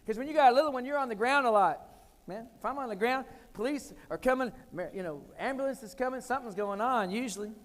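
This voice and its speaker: High-voiced man telling stories in a hall. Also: quick pace. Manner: comic, animated storytelling with sudden loud punchlines. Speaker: keynote speaker. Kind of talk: storytelling keynote speech. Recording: long hall reverb.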